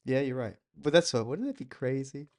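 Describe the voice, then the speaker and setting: A comedian guest on a podcast, chatting sarcastically and joking about other comics. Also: male voice, mid-range voice, lively intonation, fairly quick, darkish tone. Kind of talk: casual podcast banter.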